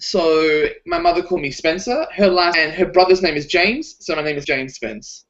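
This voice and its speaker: A man's voice: on the high side, moderate pace. A man from Australia, co-hosting a casual video chat, swearing as he tells stories. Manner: profane, animated storytelling. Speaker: channel co-host. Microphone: video call. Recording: choppy lo-fi internet call.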